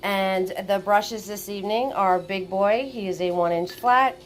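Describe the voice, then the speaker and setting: A woman's voice: medium pitch, measured pace, hardly any pauses, slight background noise. A woman hosting a live painting class online, chatting with viewers and greeting them in a sing-song way. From Washington state. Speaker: paint party host.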